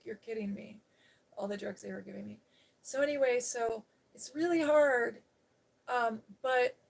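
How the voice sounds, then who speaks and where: A woman's voice: fairly high pitch, a little mellow. A woman sits and talks straight to her viewers on a live stream, winding through a long personal story. She keeps jumping between asides, and she slips into the voices of the people she quotes. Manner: rambling, storytelling, quoting others with changes of tone. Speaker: ASMR channel host. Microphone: seated on a day bed, live stream.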